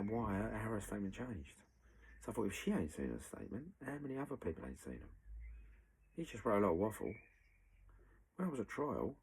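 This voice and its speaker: A man's voice: fairly low pitch, darkish tone, a little hiss or hum, rough recording. A man, bluntly recounting a personal story in an aggrieved way. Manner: blunt, aggrieved storytelling, full of "she went, I went".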